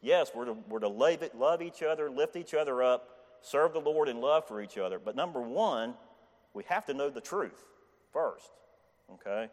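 A man gives a casual Bible lesson to his congregation. He talks in a relaxed way, restarts his sentences and keeps asking "okay?". His voice carries a long reverb from the church hall. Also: mid-range voice, normal speed. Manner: conversational, repeats "okay?" and restarts often. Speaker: lay preacher. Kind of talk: informal church Bible teaching.

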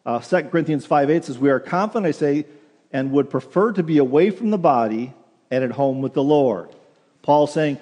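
A male pastor delivers an earnest sermon, restarting phrases and repeating words as he goes. His voice is mellow and dark. The sound carries a long reverb from the church hall around him. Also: a little high, moderate pace. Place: church sanctuary.

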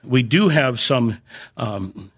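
A man preaching from the pulpit at a medium pitch. He talks in a measured, teaching way and leans on key phrases by slowing down and lifting his voice. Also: expressive, a bit bright, slightly rough. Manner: measured, emphatic on key phrases, slows for stress. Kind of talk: sermon.

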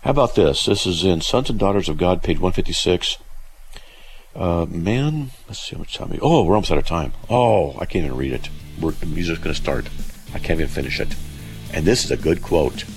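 A man's voice: animated, brisk, soft background music, rough recording. A man hosting a call-in radio show about theology, talking in loose, rambling sentences full of fillers and breaking into emphatic, scornful exclamations. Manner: emphatic, scornful bursts of high-pitched exclamation.

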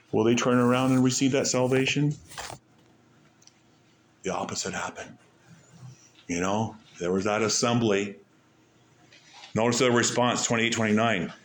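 A man preaching a sermon, asking rhetorical questions and stressing points with pauses and sudden drops in volume. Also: medium pitch, slight background noise. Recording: echoey room.

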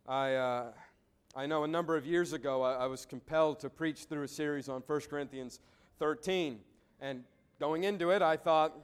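Male pastor, fairly high voice, earnest sermon delivery, repeats words mid-thought. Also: moderate pace, smooth. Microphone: preaching to a congregation.

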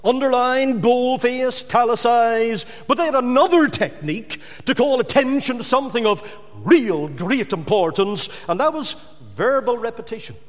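A man delivers a sermon in a high, ringing voice, pressing hard on repeated words. His voice carries a long reverberation, as in a church or hall. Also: animated, moderate pace. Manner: emphatic, rising to loud repeated stresses. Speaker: preacher.

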